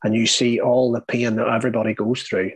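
A young man with an Irish accent, telling his own story as an interview guest, earnest and halting, often starting his sentences over. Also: medium pitch, little pitch movement, slightly rough, dry recording, low-quality recording. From Ireland. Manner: earnest, halting, with many restarts.

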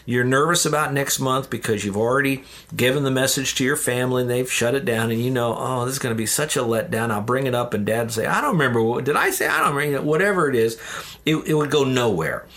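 A man's voice: medium pitch, quick pace, fairly bright tone. A man, a ministry leader, earnestly telling a personal faith story in an interview. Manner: earnest, addresses listeners as "dear ones".

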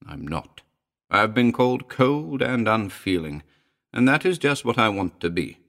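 A man's voice: fairly low pitch, sing-song, unhurried, fairly bright tone, heavily acted. A man playing a scornful sardonic scientist. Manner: scornful, laughing. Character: arrogant, mocking male scientist, sardonic. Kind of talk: audiobook character voice.

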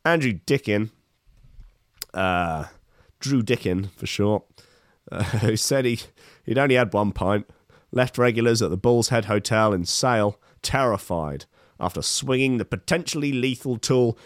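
A man's voice: on the low side, unhurried, no echo, clean studio sound. A man reading news articles aloud and commenting on them casually, with sardonic, rambling asides.

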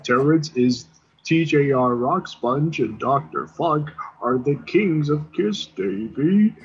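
A man voicing a blunt male cartoon talking dog who speaks slowly. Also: on the high side, lively intonation, dull audio, a little hiss or hum, pitched below the performer's own voice. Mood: mocking.

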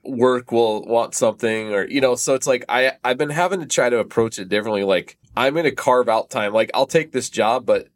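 A man's voice: mid-range voice, fairly quick, few pauses. A man chatting casually as a podcast guest, laid-back and laughing often. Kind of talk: casual chat. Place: on a train.

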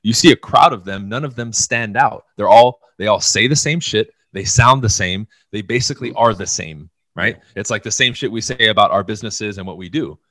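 Man, casual podcast talk, blunt and profane, forceful bright voice, dry close sound. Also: lowish voice, fairly quick, few pauses, no room sound. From United States. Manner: blunt, profane, animated storytelling. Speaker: podcast co-host.

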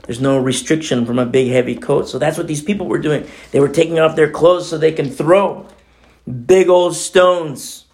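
A pastor giving a conversational sermon, animated and emphatic, at times dropping to a hushed near-whisper. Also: male voice, on the high side, normal speed, vocal fry.

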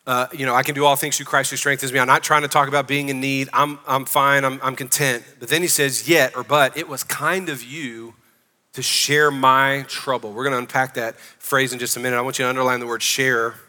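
A man's voice: medium pitch, level tone, fast, hardly any pauses, pushed and bright. A man preaching a sermon as pastor, emphatic and calling out to his congregation. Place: church sanctuary. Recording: long reverb of a church hall.

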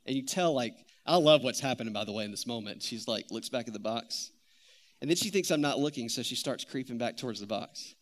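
A man in his thirties preaching a sermon, telling stories in an animated, conversational way. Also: mid-range voice, brisk. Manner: animated storytelling, conversational with many "like"s. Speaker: pastor.

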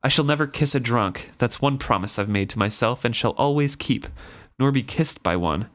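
A man's voice: medium pitch, moderate pace, fairly bright tone, close to an everyday voice. A man reading the part of a proud young servant woman. He gives her a tight, disapproving voice. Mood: stern.

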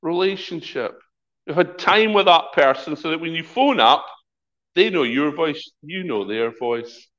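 Man preaching, lively up-and-down voice, dull lo-fi recording, casual storytelling. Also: a little high, unhurried. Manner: lively, conversational preaching with acted-out quotes. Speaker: pastor. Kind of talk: sermon.

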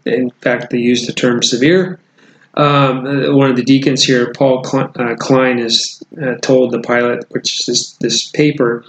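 A man's voice: mid-range voice, level tone, unhurried. A man co-hosting a podcast, casually reading and retelling a news story, rambling with frequent restarts. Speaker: podcast co-host. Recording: echoey room with faint noise.

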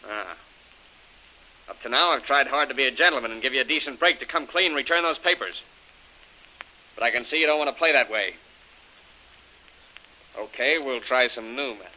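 A man's voice: mid-range voice, animated, fairly quick, pauses often, sharp tone, rough recording. An actor playing a menacing male villain in 1940s radio drama, talking in a threatening tough-guy manner.

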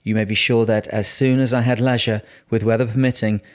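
A man narrating a seafaring memoir in a steady, measured reading voice. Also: medium pitch. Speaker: audiobook narrator.

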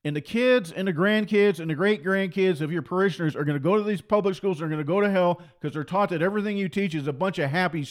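A man preaching a fiery political sermon to pastors, forceful and repetitive, full of mocking rhetorical questions. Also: high voice, quick pace, few pauses.

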